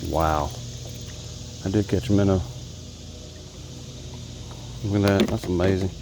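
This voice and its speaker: Out in a boat on a small creek, a man who vlogs about fishing speaks gently to each fish he lands, giving casual narration captured by an action camera. He talks slowly in a low voice with fairly even intonation. The background is noisy, full of crickets and insects.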